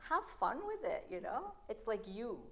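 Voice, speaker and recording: Middle-aged female coach, animated, counts and scats rhythms over a loud trio playing behind her. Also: a little high, moderate pace. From United States. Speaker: piano teacher leading a masterclass. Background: piano, violin and cello playing.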